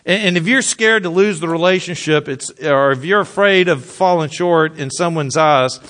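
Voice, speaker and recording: A man's voice: on the high side, moderate pace. A man preaching a sermon in a conversational way, repeating phrases and speaking straight to his listeners. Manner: mutters scripture quietly. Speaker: pastor.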